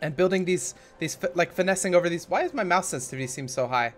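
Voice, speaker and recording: A man's voice: sits high, fast talker, soft background music. A young man hosting a casual let's play, talking in a chatty, rambling way and often correcting himself. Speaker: gaming channel host.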